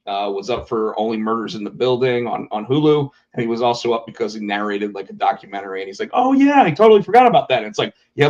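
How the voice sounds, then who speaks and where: A podcast co-host with a lowish voice tells stories in a casual chat, animatedly acting out the quotes. The recording has its highs cut off.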